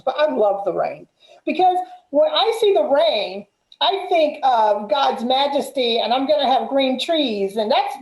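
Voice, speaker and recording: A woman's voice: on the high side, gravelly, darkish tone. A woman guest in a casual conversation, speaking in an affirming way and telling personal stories. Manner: affirming, tells personal anecdotes. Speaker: guest healer. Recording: roomy echo.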